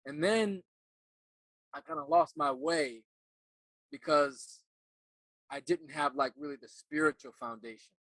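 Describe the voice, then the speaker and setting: In a close, dry recording with no room sound, a middle-aged man's slightly high, bright and forceful voice tells a personal story. An actor who became a life coach, he is earnest and halting, repeating words as he recalls.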